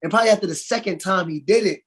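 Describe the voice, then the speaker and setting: A man, an actor guest in a casual interview, telling lively stories, acting out quotes and laughing often. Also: sits high, very fast. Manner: animated storyteller, acts out quotes, laughs often.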